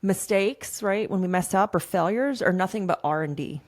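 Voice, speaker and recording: A woman's voice: medium pitch, normal speed. A woman hosting a podcast interview, upbeat and casual, with some hesitant fillers. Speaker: podcast host.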